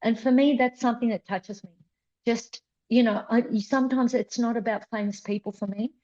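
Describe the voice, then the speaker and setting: A woman's voice: on the high side, steady tone, normal speed, mellow, dull audio. A woman in her fifties, a flamenco dancer guest, talking earnestly and repeating words for emphasis in an interview. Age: 50s. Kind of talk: conversational interview.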